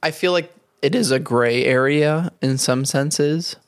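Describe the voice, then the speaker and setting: A man's voice: a little high, a little slow, clear, resonant tone, dry recording, studio quality. A young man talking animatedly in a casual podcast chat, with lots of filler words. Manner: animated, talks in bursts with many fillers.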